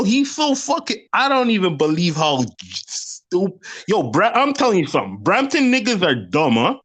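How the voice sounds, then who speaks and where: A man's voice: high voice, very animated, unhurried, fairly bright tone. A man on a live panel, debating in a heated, casual way, profane and repeating himself.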